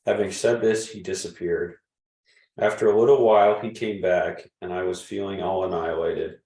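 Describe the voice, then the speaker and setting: A man reading a devotional text aloud in a measured, even way. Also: low voice. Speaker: reader. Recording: echoey room, distant mic.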